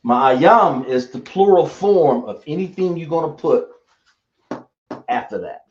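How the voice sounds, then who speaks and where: A man's voice: on the high side, animated, measured pace. Man teaching in an echoey room. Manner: drawling, self-correcting, asks the class questions. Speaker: Hebrew teacher. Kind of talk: teaching a class. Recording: echoey, dull lo-fi room recording.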